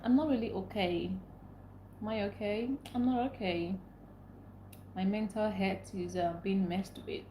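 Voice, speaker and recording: A woman's voice: medium pitch, darkish tone, roomy sound, slight background noise. A young woman, venting angrily and repeating herself as she talks to her livestream viewers. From Nigeria. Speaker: livestream host. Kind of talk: casual live stream rant.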